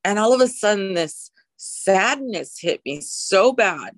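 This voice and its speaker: A woman's voice: mid-range voice, expressive, slow. A woman recounts her own recovery in a candid, emotional interview, not shying away from a swear word. Her voice sits in an ordinary middle register for a woman. The sound is dry and close, with no room echo. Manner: emotional and frank, occasional swearing. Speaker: guest sharing recovery story. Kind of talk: candid personal storytelling.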